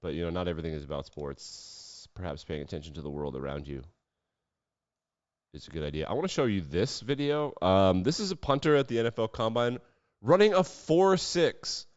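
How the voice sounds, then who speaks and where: A man with a lowish voice talks through the weekend's sports news in a relaxed, sarcastic way, tossing off dry asides. The sound is dull and slightly lo-fi, with a close, dry feel and no room echo. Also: fairly quick. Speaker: sports podcast host. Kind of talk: casual sports commentary.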